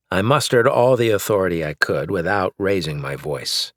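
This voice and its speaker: A man narrating a novel in the first person, measured and wry. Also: deep voice, animated, fairly bright tone, no room sound, clean studio sound. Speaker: audiobook narrator.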